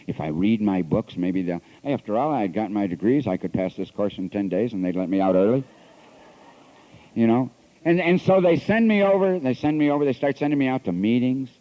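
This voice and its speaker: A priest telling his recovery story at a convention, earnest and confessional, swinging between hushed passages and emphatic ones, recorded on an old lo-fi tape. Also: low voice. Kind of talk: recovery talk. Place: convention hall. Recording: dull lo-fi 1980s tape recording.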